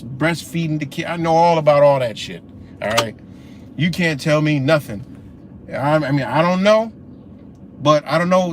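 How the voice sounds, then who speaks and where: This man's voice is on the high side, with slight background noise behind it. Hosting a casual livestream, he goes on profane, animated rants and answers viewers' comments directly.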